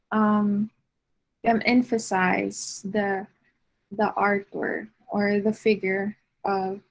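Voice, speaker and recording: Woman, art lecturer, slow delivery, fillers and restarts, mid-pitched voice. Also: rough recording. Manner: unhurried, many fillers and restarts.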